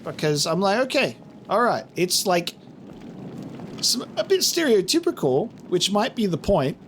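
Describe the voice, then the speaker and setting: A man's voice: high voice, big pitch swings, measured pace, a little hiss or hum. A man hosting a let's play, joking playfully and reading dialogue choices theatrically. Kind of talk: gameplay commentary.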